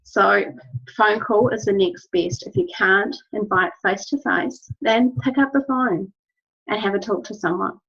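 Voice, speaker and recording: A woman's voice: mid-range voice, unhurried, creaky, fairly bright tone, husky. A woman giving an instructional talk to her team, earnest and encouraging, repeating key phrases. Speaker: wellness business trainer. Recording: dull lo-fi recording.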